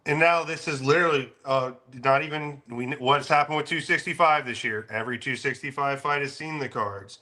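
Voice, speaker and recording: A man on a betting panel talking through odds in a measured, analytical way. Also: medium pitch, bright, forceful tone. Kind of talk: casual betting talk.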